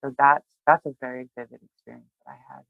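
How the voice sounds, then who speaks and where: A woman guest on a podcast, sharing a personal story in a heartfelt, emotional way, often halting and restarting. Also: a bass voice, fairly even intonation, dry recording, phone-quality sound. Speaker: tarot reader, guest.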